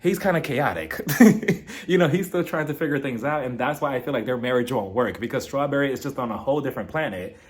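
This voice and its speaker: A man hosting a casual, gossipy review of a reality TV episode, chatty and quick to laugh. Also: medium pitch. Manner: animated, chatty, laughs often. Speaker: reality TV recap host.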